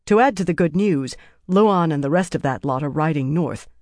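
Reader doing a practical woman commander, steady, matter-of-fact, dry close sound. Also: mid-range voice, normal speed, no echo, lightly acted. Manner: steady reporting. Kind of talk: audiobook character voice.

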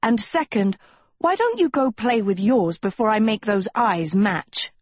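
A woman voicing a blunt, prickly teenage girl branded a witch, sharp-tongued and defiant, with a husky voice. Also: medium pitch, expressive, unhurried, no echo, pitched above the performer's own voice.

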